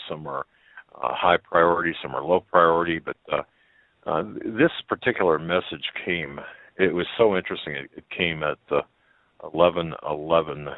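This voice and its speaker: A man reading a story aloud as a radio host, in a halting way with many fillers and restarts. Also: low voice, dry recording. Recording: tinny phone-like line.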